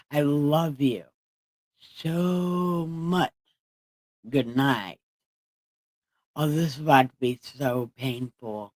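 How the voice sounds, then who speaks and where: A woman's voice: low voice, takes it slowly, pauses often, darkish tone, poor audio. A woman hosting a livestream in casual chat, playful and rambling, repeating herself and laughing often. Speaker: livestream host.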